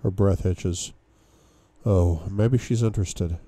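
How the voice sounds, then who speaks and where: Dark-voiced man reading a novel aloud. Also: deep voice, slow pace, no echo. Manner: dramatic first-person reading with sudden outbursts. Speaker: book club reader.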